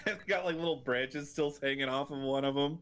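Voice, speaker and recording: A man's voice: medium pitch, a bit bright. Laughing male dungeon master, faint hiss. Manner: laughing often, halting restarts. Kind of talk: narrating a tabletop game over voice chat.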